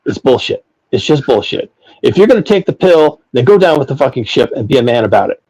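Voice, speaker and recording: A man talks through a philosophical discussion with blunt, profane emphasis. His voice is mellow and dark, with a husky, slightly rough texture. He circles back and repeats phrases as he drives each point. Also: medium pitch, expressive, brisk, low-quality recording. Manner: emphatic, profane ranting with repetitions. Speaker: podcast host.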